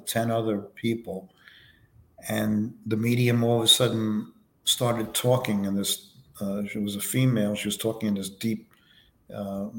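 A man as a podcast guest, answering interview questions in a relaxed, anecdotal way with many fillers. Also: on the low side, reverberant. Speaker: podcast guest, foundation vice president.

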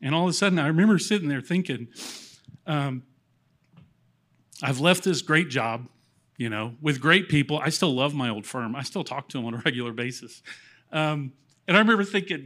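A man in his forties with a slightly high voice, telling his testimony into a handheld mic on a church platform. He rambles, pokes fun at himself, and gets choked up along the way. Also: lively intonation, moderate pace, a bit bright. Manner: rambling, self-deprecating, getting choked up. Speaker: church member sharing testimony. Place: church platform, in front of congregation.

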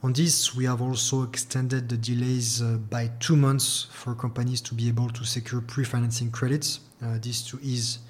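Middle-aged guy with a french accent, bank exec in an interview, flat even voice, lots of uh and repeats. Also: mid-range voice. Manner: measured, formal, with frequent fillers and repeated words. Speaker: regional head at a public investment bank. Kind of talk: business interview.

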